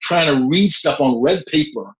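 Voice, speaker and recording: A man's voice: fairly high pitch, moderate pace, rough recording. Middle-aged man telling stories, laughing. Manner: animated storyteller, laughs often. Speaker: guest actor. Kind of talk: anecdotal storytelling.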